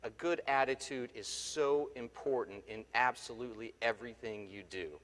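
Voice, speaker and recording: A man giving a motivational speech, telling lively stories and jumping his pitch up when he quotes people. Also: moderate pace, hardly any pauses. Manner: animated storyteller, jumps up in pitch for quoted people. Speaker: motivational speaker. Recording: long reverb of a large hall.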